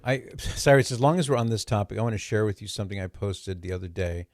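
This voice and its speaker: Lively male radio host, dry studio sound. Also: on the low side, quick pace, no room sound. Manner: animated, laughs easily, repeats words for fun. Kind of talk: casual radio talk.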